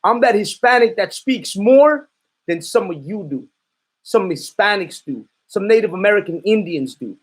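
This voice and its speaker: A man's voice: sits high, animated, normal speed, breathy edge. A man preaching in a fiery, confrontational way, calling out his listeners and giving commands to a reader. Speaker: street preacher.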